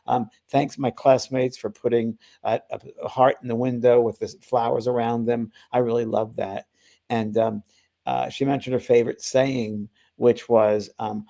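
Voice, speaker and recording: A man's voice: mid-range voice, gravelly, dark tone. An older man and spiritual medium, telling a long anecdote in a rambling way, full of restarts and acted-out quotes. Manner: rambling, many restarts and fillers, acts out quoted voices. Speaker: spiritual medium, podcast guest storyteller. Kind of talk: casual anecdotal storytelling.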